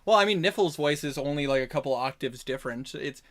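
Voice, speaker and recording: Animated game master, bright lively voice. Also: medium pitch, brisk. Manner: animated, laughs often, rambling restarts. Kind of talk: casual tabletop game chat over voice call.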